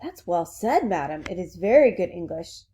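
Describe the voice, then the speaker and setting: A woman's voice: medium pitch, expressive, moderate pace, mellow, lightly acted. A woman voicing a French lady-in-waiting who politely tutors her mistress. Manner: polite and deferential.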